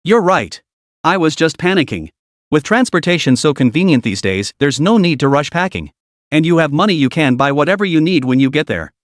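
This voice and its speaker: A man voicing a proud, excitable middle-aged mother in a story read. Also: fairly high pitch, fairly quick, no echo, clean studio sound, natural voice. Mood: fond. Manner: warm, flustered, proud.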